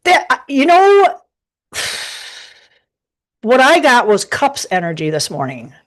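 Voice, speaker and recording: A woman's voice: high voice, wildly swooping pitch, takes it slowly. A woman giving a casual live tarot reading from her desk at home, talking in a rambling, chatty way with many restarts. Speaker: tarot reader.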